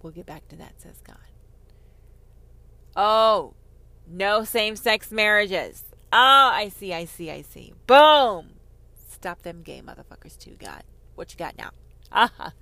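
A woman giving a heated monologue on faith, sarcastic and profane, swinging from loud outbursts to whispers. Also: mid-range voice, animated, measured pace, creaky, no echo. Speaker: online Christian commentator.

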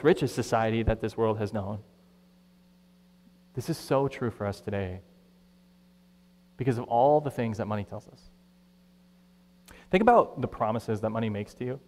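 Pastor, male, mid-pitched, lively conversational preaching, long church reverb. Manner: conversational, animated, acts out quoted voices. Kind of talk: sermon.

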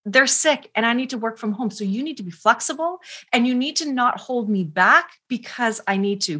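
A woman's voice: a little high, bright, forceful tone, breathy edge. A middle-aged woman speaking as a parenting expert guest in an interview, earnest and passionate with emphatic repetition. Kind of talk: conversational interview.

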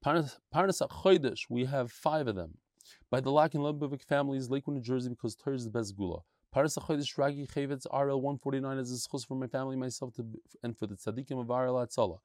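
A man giving a lively, chatty Talmud lesson, mixing Yiddish and Hebrew terms. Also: medium pitch, no echo, clean studio sound. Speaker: Talmud teacher giving a daily daf shiur.

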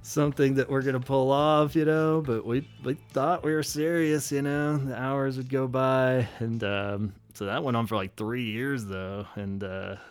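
A man's voice: medium pitch, steady tone, unhurried, few pauses, clean tone, soft background music. A man in his thirties co-hosting a podcast, chatting casually and rambling, laughing often and swearing freely. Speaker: podcast co-host. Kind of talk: casual chat.

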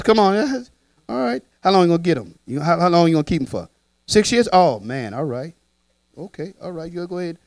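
A man preaching a sermon, animated and playful, trading lines with his congregation in a church. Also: sits high, no echo. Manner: animated, playful, talks back and forth with the congregation.

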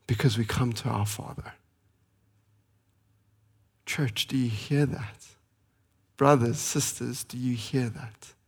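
A man in his thirties preaching a sermon as pastor, earnest and pleading, slowing for emphasis and speeding through family stories. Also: medium pitch, vocal fry, husky. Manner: earnest, pleading, with slow emphatic pauses and fast anecdotes.

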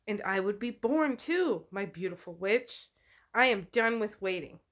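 A woman voicing a menacing, possessive male spirit who craves a body, speaking fast and taunting while she retells a novel. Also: medium pitch, expressive, a bit bright.

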